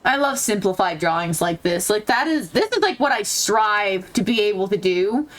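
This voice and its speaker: A young woman hosting a let's-play reads the game's story aloud, then slips into playful, giggly chatter. Her medium-pitched voice has lively intonation at a normal pace.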